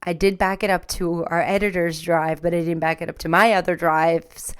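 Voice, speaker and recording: A woman's voice: fairly low pitch, little pitch movement, normal speed, clear, resonant tone. A woman hosting a podcast, telling a candid, emotional personal story in a rambling, self-deprecating way. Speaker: podcast host.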